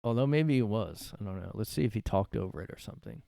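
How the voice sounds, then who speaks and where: A man's voice: fairly low pitch, expressive, fast, gravelly, mellow, no echo, clean studio sound. A young man hosting a casual solo podcast from his room, rambling sarcastically and swearing often. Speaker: podcast host.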